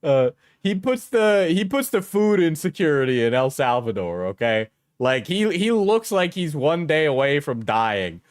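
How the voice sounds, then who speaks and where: A man hosting a commentary channel, thinking aloud in loose, rambling sentences full of "like" and "right?". His voice sits somewhat high for a man and is recorded dry and close. His crude jokes come out with an offhand, mocking tone. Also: very animated, unhurried, few pauses, no echo. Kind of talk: casual commentary.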